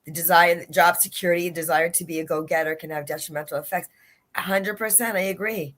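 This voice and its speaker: A woman guest, a life and leadership coach, gives an earnest motivational talk in a livestream interview over video call. Her voice is on the low side, fairly bright and fairly even, moving a little fast as she repeats key phrases for emphasis.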